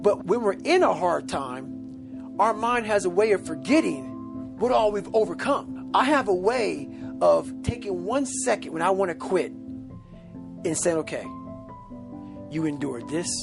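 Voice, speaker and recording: A man giving a personal motivational talk in a dramatic voice that swings between quiet and loud. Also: sits high, expressive, a little slow, creaky. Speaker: motivational speaker. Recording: music underneath.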